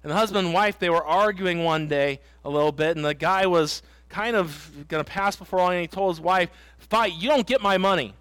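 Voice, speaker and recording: A man's voice: a little high, fairly quick, hardly any pauses, a bit bright, clear, resonant tone, no room sound. A middle-aged man preaching a sermon in a church, earnest and emphatic, telling stories and repeating his points. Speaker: pastor. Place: church sanctuary.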